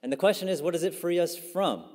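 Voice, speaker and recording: A pastor giving a casual, conversational sermon, full of fillers and asides. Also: male voice, sits high, fast talker, a little mellow. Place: church sanctuary. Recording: long church hall reverb.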